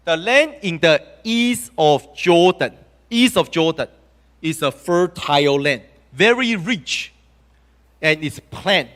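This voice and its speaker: A male preacher giving a sermon in a church, telling the story in an animated way and often checking in with the congregation. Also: high-pitched, big-room sound. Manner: animated storytelling with audience questions.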